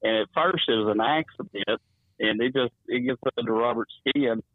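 A man's voice: medium pitch, normal speed, no echo. Rambling man on a phone line. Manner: rambling, chuckling storyteller. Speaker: wrestling promoter. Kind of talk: phone-in interview storytelling. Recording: tinny dry phone line.

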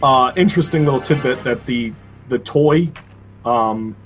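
A man's voice: mid-range voice, unhurried, soft background music. A man chatting casually while watching a movie, rambling with restarts and laughing at what he sees. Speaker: movie commentary co-host.

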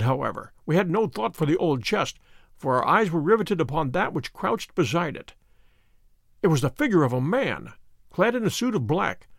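An actor playing a sharp, methodical detective, recounting a case with precise, measured storytelling in a radio drama. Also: male voice, fairly high pitch, vocal fry, no room sound, clean studio sound, exaggerated voice. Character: Holmes, sharp methodical male detective narrating.

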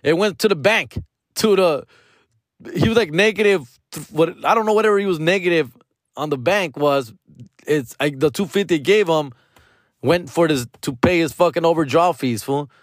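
A man's voice: fairly high pitch, normal speed, no room sound, clean studio sound. A middle-aged man, rambling through a casual story with profane slang and bits of Spanish.

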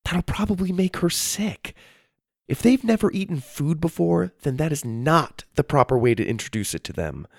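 A bossy young cadet girl with a sharp, impatient bite, pitched far above the reader's own deep voice, as a male narrator puts her on. Her lines jump high and lively. The sound is dry and close. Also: normal speed, creaky, dry recording. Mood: firm. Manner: impatient and snappy.

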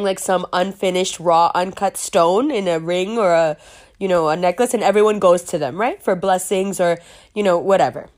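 A young woman from Pakistan tells a personal story in a candid, emotional way. She swears freely, breaks into laughter through tears, and keeps a middle pitch.

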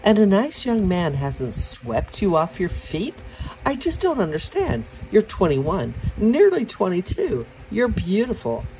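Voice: mid-range voice, huge pitch swings, measured pace, mellow, a little hiss or hum, pitched above the performer's own voice, rough recording. A reader voicing an intense, commanding young man. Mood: insistent.

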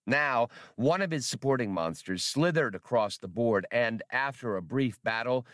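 A man reading a science fiction novel aloud as an audiobook narrator, with expressive storytelling. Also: medium pitch, moderate pace, no room sound, clean studio sound.

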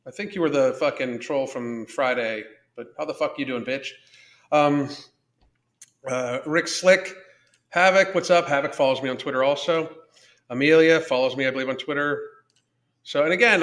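A man's voice: a little high, fairly bright tone. A man hosting a live podcast, chatting casually in a profane, blunt, rambling way. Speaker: podcast host. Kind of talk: casual livestream chat. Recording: roomy echo.

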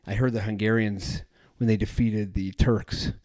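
Rambling low-voiced podcast man. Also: fairly even intonation, unhurried, a little mellow. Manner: rambling, self-correcting, chatty. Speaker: travel podcast host. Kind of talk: casual solo podcast talk.

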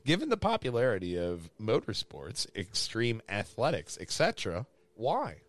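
A man hosting a podcast, reading out geek news in a casual, animated way and swearing freely. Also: lowish voice, moderate pace, dry recording. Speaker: podcast host.

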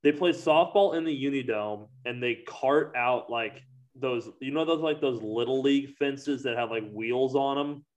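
A man's voice: mid-range voice, moderate pace. A man in casual conversation who rambles, leaning heavily on filler words. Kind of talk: casual chat.

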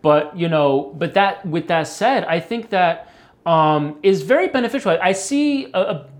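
A man's voice: on the high side, lively intonation, normal speed. A man, a guitarist guest, talking loosely with many fillers and the odd curse. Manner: rambling, many fillers, swears. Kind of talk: casual interview talk.

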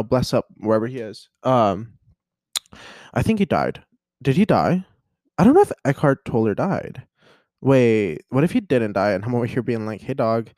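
Animated rambling young man, dry sound. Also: mid-range voice, no echo. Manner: rambling, self-interrupting, excitable. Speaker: podcast host. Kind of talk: casual solo chat.

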